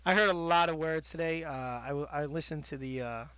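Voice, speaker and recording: A man's voice: on the high side, fairly quick, pushed and bright, smooth, no room sound. A man hosting a wrestling radio show in rambling, jokey casual chat. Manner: rambling, jokey, laughs a lot.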